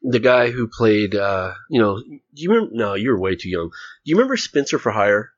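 Lively-voiced casual podcast host, man. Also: on the low side, fairly quick, no room sound. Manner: jokey, rambling, puts on voices. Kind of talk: casual chat. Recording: dull, dry lo-fi sound.

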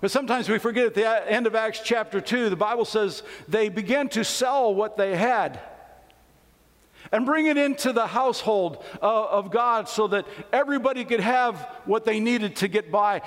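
A man in his fifties delivers a sermon in a conversational, storytelling manner. His voice sits notably high for a man. The church sanctuary lends a long, trailing reverb. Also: normal speed. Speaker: preacher.

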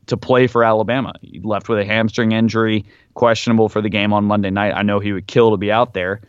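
A man's voice: on the low side, clean tone, no echo, highs cut off. A man co-hosting a casual sports podcast, rambling through his points with lots of fillers and a bit of argumentative edge. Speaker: podcast co-host.

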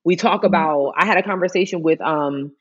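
A woman in casual chat, talking in an animated, rambling way with many fillers. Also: on the low side, a little fast, lo-fi sound.

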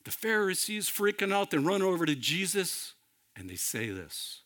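A man preaching a sermon, addressing the listeners directly as friends, swinging dramatically between loud emphasis and hushed, intimate passages. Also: sits high, big pitch swings, moderate pace. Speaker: pastor.

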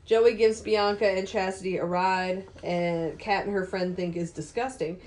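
A woman's voice: mid-range voice, steady tone, moderate pace, darkish tone. A woman co-hosting a casual podcast, summarizing a film's plot and laughing often. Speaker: podcast co-host recapping the film. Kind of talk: casual chat.

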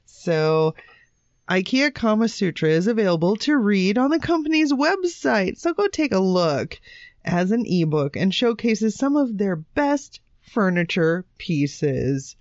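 A woman's voice: medium pitch, big pitch swings, measured pace, a little mellow, no room sound, highs cut off. A woman co-hosting a comedic chat show, reading out odd news items with playful mock drama. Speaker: co-host.

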